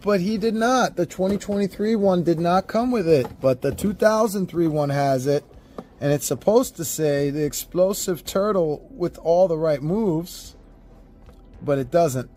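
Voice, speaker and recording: A man giving a casual toy unboxing review, talking straight to viewers with animated, profane, exasperated rants. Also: a little high, unhurried, a little hiss or hum.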